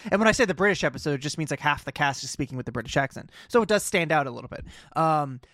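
A man's voice: a little high, expressive, racing, bright, forceful tone, dry recording, clean studio sound. A man co-hosting a podcast, recapping a TV episode in casual chat with wry jokes and casual swearing. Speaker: podcast co-host.

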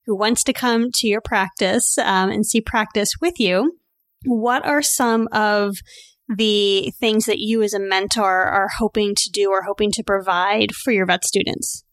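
A woman hosting a veterinary podcast, enthusiastic and speeding up as she gets excited. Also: medium pitch, measured pace, dry recording, clean studio sound. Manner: enthusiastic, speeds up when excited, many "like" fillers. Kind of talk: casual podcast interview.

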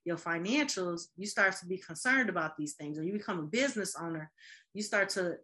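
A woman in casual podcast chat, animated, laughing often and acting out quoted voices. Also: on the low side, fairly quick. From Midwest.

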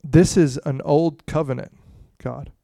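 A man preaching a conversational sermon to a congregation, swinging between hushed and loud passages, with frequent "you know" asides. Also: fairly high pitch, steady tone, unhurried, creaky, dry recording, studio quality. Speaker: pastor.

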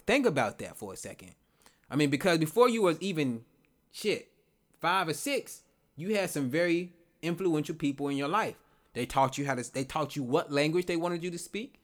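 A man's voice: a little high, sing-song, moderate pace, pauses often. A man hosting a podcast, talking through his ideas in a loose, rambling monologue, repeating himself and asking rhetorical questions. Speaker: podcast host. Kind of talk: casual reflective monologue.

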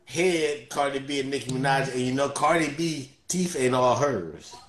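A man's voice: mid-range voice, normal speed. A man co-hosting a podcast, asking questions in a playful, teasing way. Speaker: podcast co-host. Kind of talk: casual podcast chat. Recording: roomy echo.

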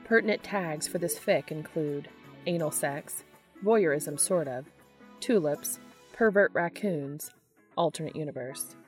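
A woman reading fan fiction aloud as an audiobook narrator, with a steady, even delivery. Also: deep voice, a little slow, faint music behind. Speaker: podfic reader.

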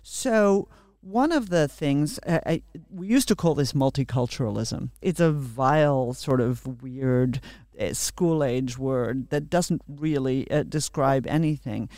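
A man's voice: mid-range voice, animated, slow, darkish tone, no room sound. A man from Australia hosting an interview, asking emphatic questions with frequent restarts.

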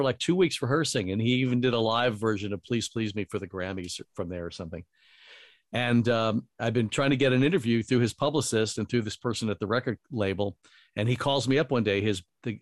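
Heard in a dry, clean studio recording, a middle-aged man with a lowish voice spins loose, wandering stories. He's a radio host and voiceover artist, and his casual tales are full of quoted speech.

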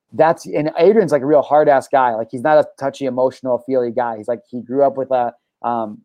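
A young adult man hosting a podcast, telling stories in an excitable, profane, casual way, full of bro and dude. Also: medium pitch, no echo. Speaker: podcast host. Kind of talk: casual chat.

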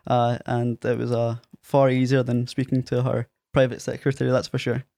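Guesting in a relaxed interview, this Ayrshire Scot in his thirties spins lively stories, raising his voice to act out quotes. He speaks at a moderate pace in a gravelly, mid-range voice, with no room sound.

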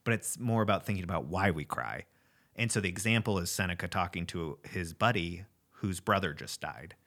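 A man's voice: low-pitched, expressive, a little fast, fairly bright tone. A young man co-hosting a casual talk show, thinking aloud in a rambling way. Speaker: podcast co-host. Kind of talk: casual chat.

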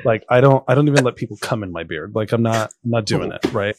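A man in his thirties co-hosting a podcast, telling a story in a lively, exclamatory way. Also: fairly low pitch, quick pace, background noise. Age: 30s. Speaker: podcast co-host. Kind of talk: casual storytelling chat.

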